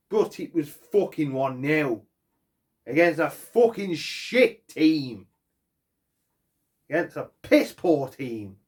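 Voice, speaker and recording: A man's voice: fairly high pitch, darkish tone. A man giving an angry post-match fan rant, swearing heavily and hammering his points. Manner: angry, heavy swearing, emphatic. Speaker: football fan vlogger.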